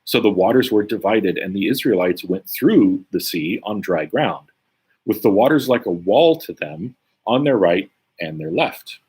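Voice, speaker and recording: A man's voice: fairly low pitch, expressive, a little slow, a little mellow, slightly rough. A man leading a casual Bible study, reading scripture aloud and commenting conversationally with frequent "right?" tags. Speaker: Bible teacher.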